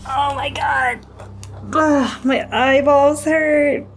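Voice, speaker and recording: Slow-talking spooked woman streamer, faint music. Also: high-pitched, steady tone, gravelly. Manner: jittery, swearing, laughing nervously, reading game text aloud. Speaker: streamer playing a horror game. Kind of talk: live gameplay commentary.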